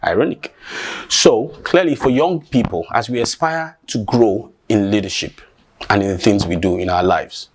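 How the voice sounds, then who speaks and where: A man's voice: fairly low pitch, breathy edge. A man telling a family folk tale in a conversational way and then drawing its lesson. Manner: conversational, acts out voices, draws the lesson. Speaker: storyteller. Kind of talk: oral storytelling with a moral.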